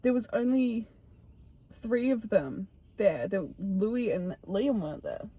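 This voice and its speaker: A woman's voice: medium pitch, animated, takes it slowly, mellow, slightly rough. Giggly young woman reading aloud. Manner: giggly, laughs often while reading. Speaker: podcast co-host. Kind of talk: casual chat, reading a fanfic aloud.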